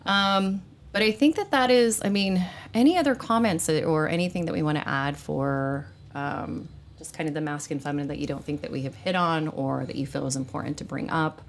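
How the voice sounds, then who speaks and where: A woman with a very low voice and plenty of vocal fry hosts a casual spiritual podcast chat. She talks earnestly and loosely, piling on fillers and restarts. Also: fairly quick, hardly any pauses, slight background noise. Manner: earnest, rambling, with frequent fillers. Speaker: podcast host.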